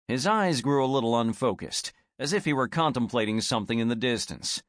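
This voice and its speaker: A man narrating an audiobook in an expressive storytelling manner. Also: medium pitch, a little fast, few pauses, no echo, studio quality. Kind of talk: scripted narration.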